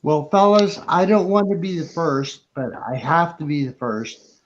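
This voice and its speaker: A man's voice: on the high side, a little slow, slight background noise. A man on a casual video call from a tablet, speaking earnestly and repeating himself. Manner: repetitive, earnest. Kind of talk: casual chat. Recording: dull lo-fi tablet audio.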